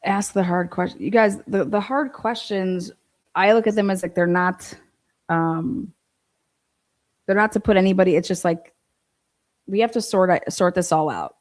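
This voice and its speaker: A woman's voice: mid-range voice, normal speed, pauses often. A woman hosting a casual livestream, reading viewer comments and talking bluntly with frequent swearing. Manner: blunt, profane, fired up. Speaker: livestream host.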